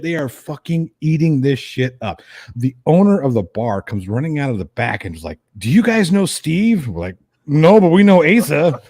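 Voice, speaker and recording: A man's voice: on the high side, vocal fry, no echo. A man hosting a casual stream, telling a rowdy story with lots of swearing and laughter. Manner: animated, profane, laughing storyteller. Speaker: host.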